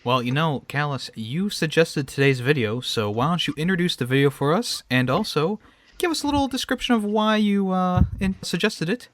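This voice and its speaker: A man's voice: fairly high pitch, expressive, moderate pace, fairly bright tone. A man hosting a casual movie podcast, chatting loosely and correcting himself as he goes. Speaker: podcast host.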